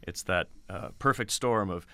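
A man with a deep, bright, forceful voice answers interview questions about directing and teaching actors. His delivery is animated and explanatory. The recording is dry and close. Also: moderate pace, gravelly, no room sound. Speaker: theatre director and acting teacher.

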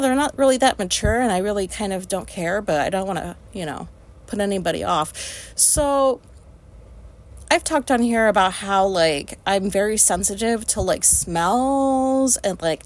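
A woman hosting a podcast, telling a casual story in a rambling way, with lots of fillers and free swearing. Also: medium pitch. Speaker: podcast host.

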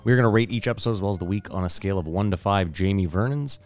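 A man's voice: sits low, racing, darkish tone, dry recording. A man hosting a casual podcast chat, loose and jokey with frequent swearing. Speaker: podcast host.

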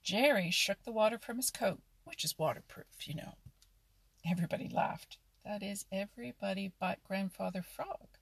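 Brief: woman narrator for a storybook, very breathy, a gravelly edge. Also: mid-range voice, normal speed, no room sound. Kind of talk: reading a children's animal story aloud.

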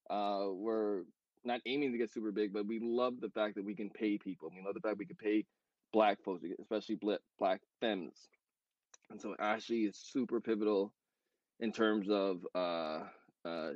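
Guy rambling on a podcast, kinda low voice, lots of ums and restarts, muffled dry audio. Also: darkish tone, dry recording. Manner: rambling, with many fillers and self-corrections; talks fast. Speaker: co-founder of a clothing brand. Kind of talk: casual podcast chat.

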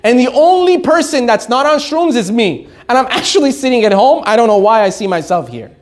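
Lively, joking man teaching Torah. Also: very high-pitched, brisk. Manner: lively, joking, laughs often, mixes in Hebrew terms. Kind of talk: animated Torah lesson with storytelling.

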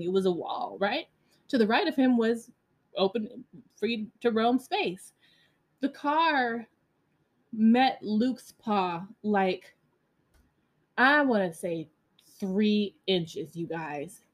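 Telling a story solo on her podcast, a woman speaks casually in a mid-range voice. Her delivery is lively and frank, full of filler words and sprinkled with swearing.

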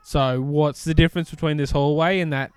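A man's voice: on the high side, steady tone, a little mellow, clean tone, no echo. A man co-hosting a podcast, chatting wryly about a TV show. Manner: wry, chatty, quick to quip. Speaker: podcast co-host. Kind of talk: casual recap chat.

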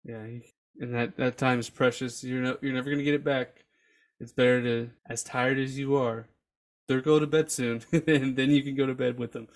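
A young dad hosting a podcast, relaxed and quick to laugh in casual interview chat. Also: male voice, medium pitch. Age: young adult. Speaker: podcast host.

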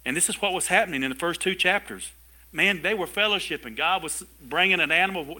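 A man delivers a church sermon in a bright, ringing voice pitched a little high for a man. He preaches with energy, breaks off into chatty asides, and chuckles along with his congregation. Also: lively intonation, quick pace. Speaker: pastor.

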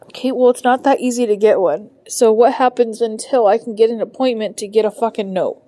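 A woman's voice: on the high side, brisk, mellow, dry recording. Tearful swearing woman in her thirties. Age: 30s. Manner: emotional, swears constantly, frustrated. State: on the verge of tears. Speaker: podcast host. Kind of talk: personal venting monologue. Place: in bed at home.

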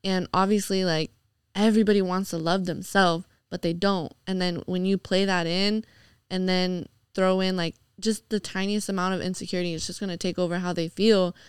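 A woman's voice: lowish voice, fairly even intonation, moderate pace, clean tone, no room sound, clean studio sound. Chatty laughing young woman. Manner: laughs often, chatty, filler-heavy, does mocking voices. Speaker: podcast guest. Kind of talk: casual podcast chat.

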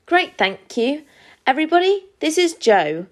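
Woman doing an excitable, worried elf boy. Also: high-pitched, measured pace, pitched above the performer's own voice. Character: anxious young male elf, eager but nervous.

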